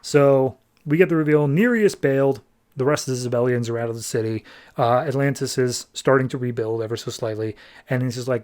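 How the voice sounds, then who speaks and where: A man's voice: medium pitch, fairly quick, a little mellow. A man hosting a podcast, recapping a comic book in a chatty, rambling way with fillers. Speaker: podcast host.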